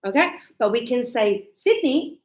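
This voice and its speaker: A woman teaching an English lesson to a live class in a chatty, playful way, checking in with quick questions. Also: a little high, lively intonation, reverberant, rough recording.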